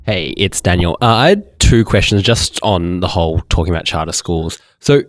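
A man's voice: deep voice, animated, normal speed, no echo. A man on a podcast asking a question in a tentative, casual way, searching for his words.

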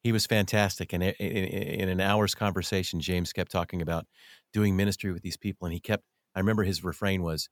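A man hosting a conversational interview, enthusiastic and quick to affirm. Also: sits low, steady tone, no room sound, clean studio sound.

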